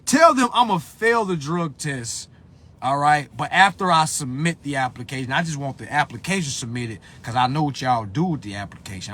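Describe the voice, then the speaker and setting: A man ranting live into his phone, cursing freely as he talks to his viewers. His voice sits at a middling pitch and sinks into low grumbles, then jumps into loud, strained yells. A faint hum of ambient noise sits under him. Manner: swings between low muttering and loud high-pitched outbursts. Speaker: live-stream host. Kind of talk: profane live-stream rant. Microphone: phone on a social live stream.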